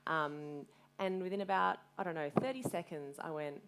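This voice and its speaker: At a live community event, a fitness business owner in her thirties shares her story as a guest speaker, frank and full of energy. Her low voice moves at a moderate pace as she cusses openly and repeats her own words.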